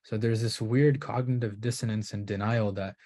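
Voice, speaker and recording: Guy lecturing on recitation, lowish voice, keeps saying "right?". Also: steady tone, normal speed, dark tone. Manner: thinks aloud with restarts, asks "right?". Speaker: Qur'an recitation teacher. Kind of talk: explanatory lecture.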